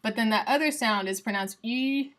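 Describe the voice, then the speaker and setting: A young woman with a Southern US accent teaches phonetics casually on a livestream, sounding out examples aloud in a chatty, playful way. Her voice is fairly high in pitch and fairly bright, at a normal speed.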